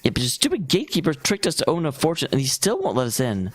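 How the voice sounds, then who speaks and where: An earnest young king hero from a fantasy game, read aloud by a man. The voice sits a little higher than usual and sounds sincere and mildly indignant. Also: huge pitch swings, quick pace.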